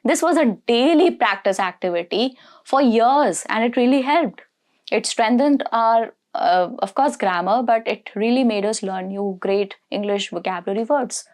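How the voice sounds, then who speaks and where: A woman's voice: on the high side, normal speed, a little mellow. A woman with an Indian accent giving a direct-to-camera English lesson, emphatic and full of "all right?" check-ins. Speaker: English teacher.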